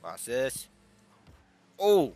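This man speaks extremely slowly, his medium-pitched voice swooping wildly in pitch. He's a gaming YouTuber commentating his car soccer match, acting as a mock team boss who trash-talks and scolds teammates amid hype and yelling in playful Rocket League commentary.

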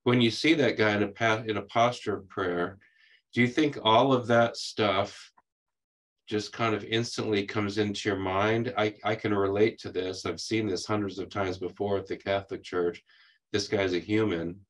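Male interviewer, lowish voice, halting and careful, feeling his way through questions. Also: steady tone. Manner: hesitant, searching phrasing with many restarts.

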